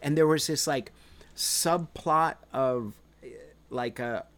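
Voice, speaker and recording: A man's voice: medium pitch, slow pace. A man co-hosting a podcast in casual chat, rambling with many fillers. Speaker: podcast co-host.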